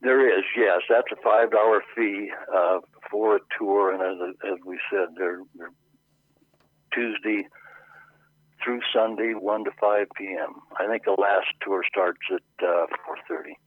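Man, board member guest, very low voice, stumbles and restarts, heard through a phone. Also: steady tone, no room sound. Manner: halting, many repeated starts. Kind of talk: casual radio interview by phone. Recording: tinny phone line.

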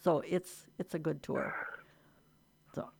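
Woman radio host, slightly low voice with fry, friendly interview chatter. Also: steady tone, slow, darkish tone.

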